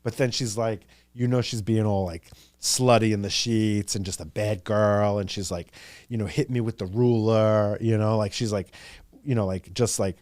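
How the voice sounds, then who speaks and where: A man's voice: on the low side, fairly even intonation, normal speed, a little mellow, no room sound, studio quality. Chatty gossipy man with a New York accent. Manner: chatty and gossipy, jumps between ideas, acts out quotes. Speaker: podcast host. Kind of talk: casual solo podcast chat.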